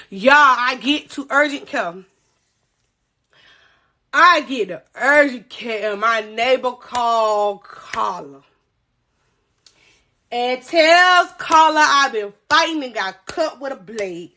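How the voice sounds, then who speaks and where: High, bright-voiced woman telling a wild story. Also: slow pace, pauses often. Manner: animated, profane, addresses viewers directly. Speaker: livestream storyteller. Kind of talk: casual storytelling on a livestream. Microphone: phone livestream.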